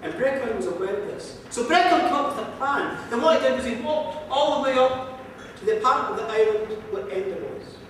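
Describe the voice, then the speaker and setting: A man's voice: very high-pitched, expressive, a little fast, fairly bright tone, slight background noise. A man telling an old folk tale in a lilting, rhythmic way, recorded with a distant mic in a museum hall. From Ireland. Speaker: storyteller. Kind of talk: live folk storytelling. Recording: echoey hall from far off.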